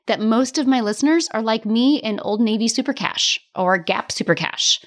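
A woman hosting a solo podcast as a business coach, talking in a chatty, candid way, laughing often and swearing now and then. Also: fairly high pitch. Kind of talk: casual solo podcast monologue.

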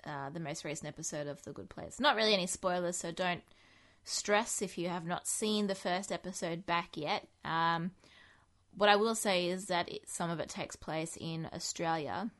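Woman, podcast co-host, casual chat, chatty, laughs while talking, fairly low voice. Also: normal speed, a bit bright.

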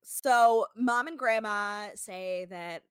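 A woman co-hosting a casual show chat, blunt, sarcastic and quick to swear. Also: mid-range voice, smooth, no room sound. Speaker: podcast co-host.

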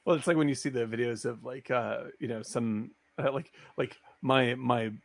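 A man's voice: medium pitch, steady tone, moderate pace, gravelly, no echo. A man in casual chat, hesitant and loose as he explains his point. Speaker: podcast co-host.

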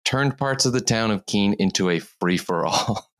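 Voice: low voice, normal speed. A tired podcast host telling a news story in casual chat, rambling and giggling often. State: tired from lack of sleep.

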